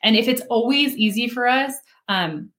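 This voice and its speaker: A woman who is a guest on a casual faith talk show, earnestly sharing her testimony with many fillers and soft laughs. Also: fairly high pitch, normal speed. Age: adult with children.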